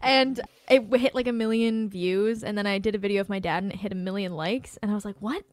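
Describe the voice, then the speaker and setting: A woman's voice: mid-range voice, fairly even intonation, fast talker, dry recording. A woman from Canada, a singer, chats candidly as a podcast guest, her voice in a middle register. She laughs easily and talks freely, and the recording is dry and close with no room sound. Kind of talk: casual interview chat.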